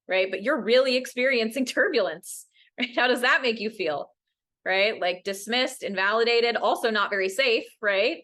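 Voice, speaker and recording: Woman educator at a parent workshop; bright, earnest, animates quotes. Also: normal speed. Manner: earnest, often ends points with "right?"; acts out quoted voices with big pitch jumps. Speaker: mental health educator. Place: workshop room.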